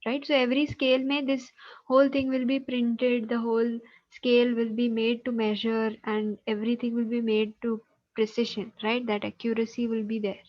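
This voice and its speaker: A woman with an Indian English accent teaches an online class, explaining steps patiently and often checking whether her students follow. Her voice sits fairly high. The sound is dull and lo-fi, like video call audio. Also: flat delivery, moderate pace. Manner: patient, explanatory, checks understanding with tag questions.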